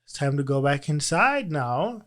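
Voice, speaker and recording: Guy telling his own story in an interview, kinda high voice, earnest, lots of restarts. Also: sing-song, a little slow, a bit bright. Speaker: teacher and guest. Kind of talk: personal story in a sit-down interview.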